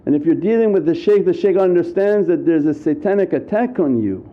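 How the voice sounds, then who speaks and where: A man delivers an earnest Sufi sermon, repeating his points and now and then acting out fearful inner voices. His voice sits a little high for a man. The recording sounds dull and lo-fi. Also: lively intonation, brisk. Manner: earnest, repetitive, acts out anxious inner voices. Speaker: Sufi preacher. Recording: muffled lo-fi recording.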